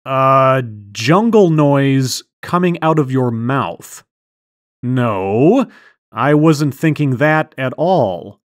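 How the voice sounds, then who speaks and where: A woman's voice: a bass voice, expressive, drawn-out words, dry recording, faint music behind. A woman hosting a comedy skit in a mock mind-reader persona, talking in a theatrical, dry, sardonic way. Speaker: host.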